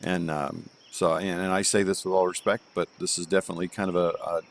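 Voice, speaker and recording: A man with a fairly low voice gives casual live commentary on a golf game from home. He rambles and jokes, thinking out loud with lots of ums. Faint crickets chirp in the background. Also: level tone, brisk, slight background noise. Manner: rambling, joking, thinks aloud with fillers. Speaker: streamer reviewing user-made golf courses.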